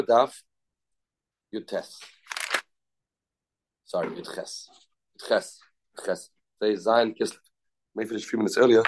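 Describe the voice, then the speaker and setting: A man with a fairly low, slightly mellow voice gives a casual Talmud class over slight background noise. He often repeats terms and restarts sentences, mixing in Hebrew and Yiddish words.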